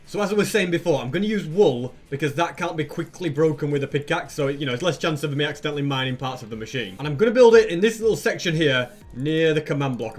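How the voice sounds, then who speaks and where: A young man narrating his own gameplay in a chatty way, asking viewers rhetorical questions as he goes. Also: a little high. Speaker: Minecraft YouTuber. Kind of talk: gameplay commentary.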